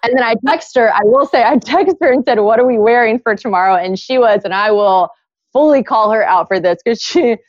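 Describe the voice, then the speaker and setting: A young woman telling a story in casual chat, animated and acting out what others said. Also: a little high, normal speed, no room sound, muffled recording. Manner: animated, acts out quotes in other voices. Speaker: podcast guest.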